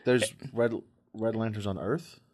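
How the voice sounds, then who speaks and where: A man's voice: on the low side, steady tone, a little slow, a little mellow. A man on a comic book podcast, casually retelling a comic plot. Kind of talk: casual chat.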